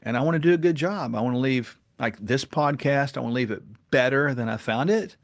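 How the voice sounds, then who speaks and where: A man talking as a podcast guest, telling stories in an earnest and animated way. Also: medium pitch, fairly quick. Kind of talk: casual interview talk and storytelling.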